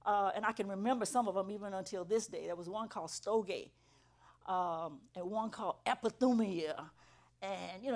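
A woman's voice: mid-range voice, normal speed. Earnest woman giving a church testimony. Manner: earnest storytelling, builds to emphatic peaks. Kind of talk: testimony sermon.

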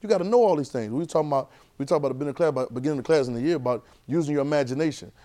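A man teaching a church Bible class, lively and conversational, repeating phrases and asking the class questions. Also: fairly high pitch, racing.

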